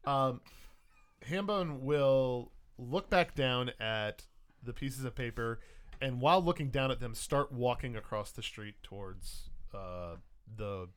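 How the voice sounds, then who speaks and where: A man narrating a tabletop role-playing game as game master, in a slow, drawn-out delivery full of fillers. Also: medium pitch, a bit bright, clear, resonant tone.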